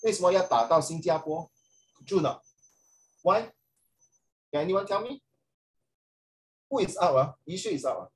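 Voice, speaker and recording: A man's voice: on the high side, lively intonation, normal speed, long pauses, rough recording. A middle-aged Singaporean man giving a chatty classroom lecture as a social studies teacher, with frequent rhetorical tag questions.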